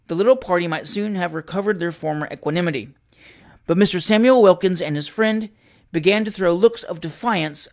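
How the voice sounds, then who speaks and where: A man reading a classic novel aloud as narrator, with expressive storytelling and lively shifts in pitch. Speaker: audiobook narrator.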